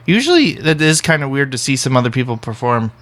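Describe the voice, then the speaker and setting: A man's voice: mid-range voice, very animated, fast talker, a bit bright. A man co-hosting a podcast, talking casually and offering encouraging comedy advice. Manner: talkative, reassuring, coaching tone. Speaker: podcast co-host.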